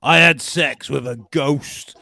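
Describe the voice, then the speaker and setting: A man doing a loud, giggly reality-star woman with a regional twang, laughing as he reads. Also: fairly high pitch, steady tone, takes it slowly, gravelly, dry recording, studio quality, heavily acted. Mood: brash, giggly.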